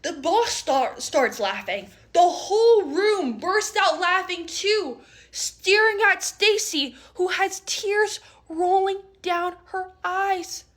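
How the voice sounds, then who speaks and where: A woman telling a workplace story in a storytime skit, animated, dropping to whispers and rising again. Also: very high voice, slow pace. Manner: animated, switching between whispers and raised voices.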